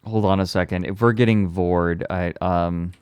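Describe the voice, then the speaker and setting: A man's voice: deep voice, steady tone, normal speed, a little mellow, smooth, dry recording. A man streaming a game, chatting casually with hesitations and jokes. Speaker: streamer playing along. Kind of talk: casual chat.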